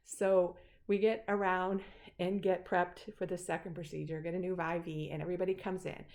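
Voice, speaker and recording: A woman's voice: lowish voice, flat delivery, normal speed, a little mellow. A middle-aged woman casually telling a personal story, rambling with many fillers and restarts. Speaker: speaker sharing a personal story.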